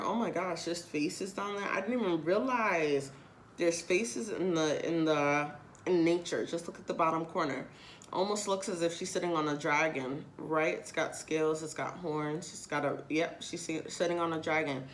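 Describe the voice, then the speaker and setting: Woman tarot reader, casual and chatty, lower pitch, loose and repetitive delivery. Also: slight background noise. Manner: chatty, repeats phrases, casual swearing, addresses viewers directly. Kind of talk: casual tarot reading to viewers.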